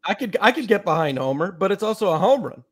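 A man with a slightly higher voice co-hosts a casual baseball talk show. He speaks playfully and pushes a running joke. His pitch rises and falls a lot, and he answers the other host with quick agreement. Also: big pitch swings, fairly bright tone. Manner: playful, jokey, goes along easily. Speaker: podcast co-host.

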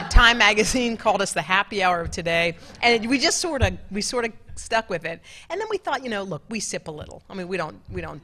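A middle-aged woman, a television co-anchor, telling stories to an event audience in a lively, laughing, chatty way. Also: medium pitch, fast. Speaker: television co-anchor giving a talk. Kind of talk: storytelling talk with audience Q&A. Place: large club event room.

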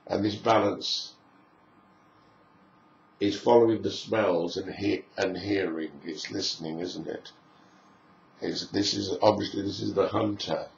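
In an unhurried, musing lecture, a man with a low, gravelly voice strings together long lists of phrases in fairly even intonation. The recording sounds roomy, echoey, a little dull and lo-fi, with faint hiss underneath.

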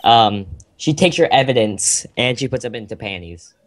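A man's voice: medium pitch, expressive, normal speed. A young man chatting and giggling beside a friend's game playthrough. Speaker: co-commentator. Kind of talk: casual chat over a playthrough.

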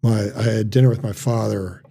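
A middle-aged man with a dark, gravelly voice tells stories in a relaxed chat. He stops and restarts often and acts out what others said. His tone is mellow and a little husky. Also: lowish voice. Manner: halting, many restarts and quoted dialogue. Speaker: surgeon guest. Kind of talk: casual storytelling chat.

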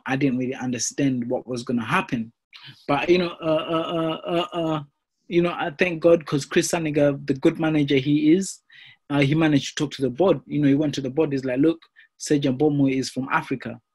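A young man, a professional boxer, telling his career story in a casual interview, animated and full of fillers like "you know" and "mate". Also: on the high side, brisk, slightly rough.

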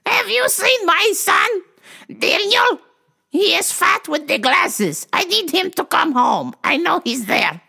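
A shrill, anxious old mother in her nineties, as a woman puts her on. She pleads in a high, quavering voice and speaks slowly and fretfully. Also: very animated, creaky, sharp tone, exaggerated voice. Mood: worried.

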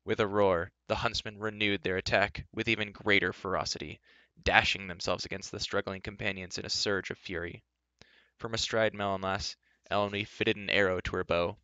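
Low, bright-toned man reading a novel. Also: normal speed, clear, resonant tone, dry recording, highs cut off. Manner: steady storytelling with occasional word slips. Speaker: reader. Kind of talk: reading a fantasy novel aloud.

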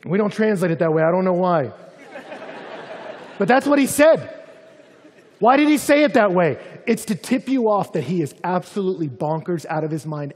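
Pastor, male, lively sermon delivery, slightly high, husky voice, long hall reverb. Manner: animated, acts out angry voices.

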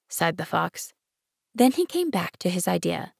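A woman reading audiobook narration in a calm, even manner. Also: on the low side, unhurried, vocal fry, slightly rough, no echo, studio quality. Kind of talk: scripted narration.

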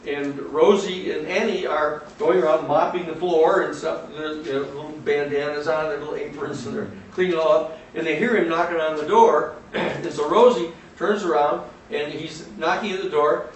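A man's voice: fairly high pitch, fairly even intonation, moderate pace, few pauses. A man lecturing to a class, telling a vivid story with many fillers and restarts. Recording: echoey room from far off, faint noise.

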